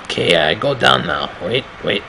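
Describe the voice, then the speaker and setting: A man with a raspy voice doing casual commentary on a horror game, reacting with swearing and startled remarks. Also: low voice, big pitch swings, normal speed, sharp tone, a little hiss or hum, rough recording. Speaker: gameplay commentator.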